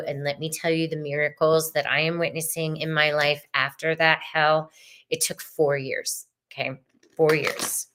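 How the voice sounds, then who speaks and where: A woman's voice: low-pitched, flat delivery, moderate pace, a bit bright, a little hiss or hum. A middle-aged woman, hosting a live tarot reading, effusive and chatty, swearing casually and calling viewers y'all and sister.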